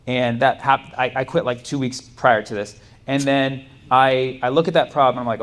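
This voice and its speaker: A male stand-up comedian with a mid-range voice keeps a moderate pace with few pauses as he rambles through stories on a comedy club stage, using lots of fillers and restarts. Audience ambience provides steady background noise in this live club recording.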